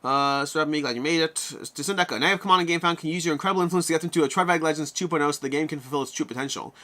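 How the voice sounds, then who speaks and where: A man hosting a live-stream Q&A, answering viewer questions in an animated way and talking his thoughts through out loud. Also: on the high side, racing.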